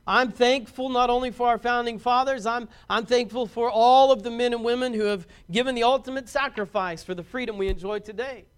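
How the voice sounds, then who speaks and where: Pastor guy preaching, kinda high voice, earnest and heartfelt. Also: fairly even intonation, brisk, few pauses, clean tone. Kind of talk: sermon.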